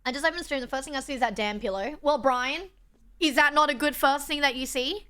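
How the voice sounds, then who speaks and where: Bright-voiced woman streamer. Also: high-pitched, fast. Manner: chatty, reads chat aloud, self-deprecating. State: tired from travel. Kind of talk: casual live-stream chat.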